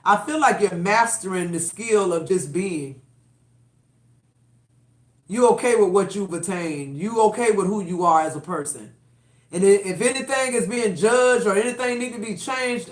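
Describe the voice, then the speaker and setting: A woman giving a live-stream tarot reading, talking bluntly and profanely, pushing hard on her points. Her voice sits at an ordinary pitch and carries a noticeable roomy echo. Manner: blunt, profane, fired-up and emphatic. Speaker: tarot reader.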